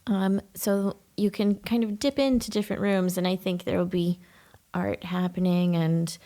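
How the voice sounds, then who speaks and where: A woman with a Canadian accent, a poet guest on a podcast, speaking in an unhurried, hesitant way with many fillers. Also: lowish voice, fairly even intonation, dark tone. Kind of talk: casual interview chat.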